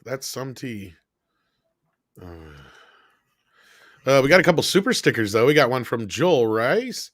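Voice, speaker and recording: A man's voice: medium pitch, big pitch swings, normal speed, long pauses, fairly bright tone, no room sound, clean studio sound. A man co-hosting a casual livestream, wry and cursing, reading out viewer messages. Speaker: co-host.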